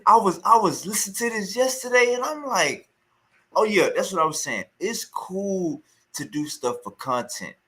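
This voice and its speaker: A man's voice: a little high, animated, measured pace, sharp tone. A man reacting to a clip in heated, scornful casual commentary, repeating himself as he rants. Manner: heated, scornful, repetitive ranting.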